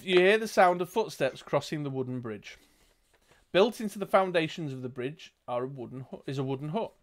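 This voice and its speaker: A man narrating a gamebook as game master, with dry joking asides. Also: on the high side. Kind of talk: reading and narrating a gamebook playthrough.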